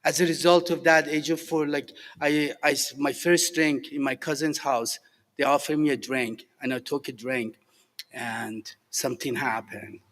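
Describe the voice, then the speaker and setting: A middle-aged man from Iran with a Persian accent, sharing his recovery story to a group, halting and earnest with many fillers and restarts. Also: mid-range voice, steady tone, a bit bright. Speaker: recovery alumni speaker. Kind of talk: personal recovery share to a group. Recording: echoey hall with long reverb.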